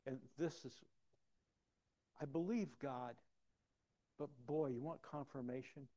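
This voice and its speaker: A man preaching a personal testimony, acting out dialogue and swinging from soft to loud. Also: mid-range voice, slow. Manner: animated, acts out dialogue, big swings in loudness. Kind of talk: sermon storytelling.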